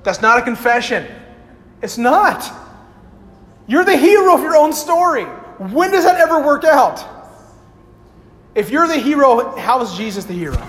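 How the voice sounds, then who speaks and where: A man's voice: very high voice, big pitch swings, moderate pace, pauses often, fairly bright tone. A male pastor preaching a sermon, quizzing the congregation with yes-or-no questions and acting out the lines he quotes. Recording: long hall reverb, faint hiss.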